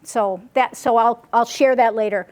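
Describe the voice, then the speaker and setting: A woman giving a casual, chatty report at a group meeting, animated and full of asides and restarts. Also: on the high side, normal speed. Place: meeting room.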